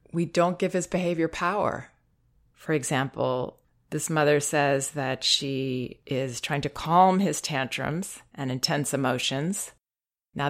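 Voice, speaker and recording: A middle-aged woman hosting a parenting advice show, speaking in a calm, unhurried, reassuring way. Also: low voice. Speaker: parenting advice podcast host. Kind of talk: advice talk.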